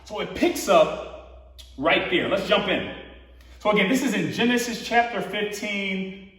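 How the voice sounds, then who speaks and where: A man preaching a casual, conversational sermon in a church, relaxed and slangy, acting out quotes with rising emphasis. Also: high-pitched, measured pace. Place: church hall. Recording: echoey hall from far off.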